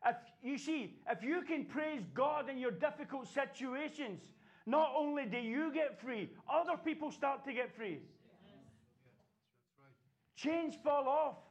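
A man's voice: very high-pitched, normal speed. A man preaching a sermon, passionate and exhorting, breaking into laughter now and then.

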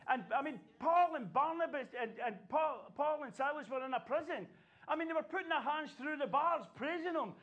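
Brief: very high-pitched male preacher, fervent sermon delivery, dull lo-fi recording. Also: a bit bright. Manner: passionate, exhorting, with bursts of laughter.

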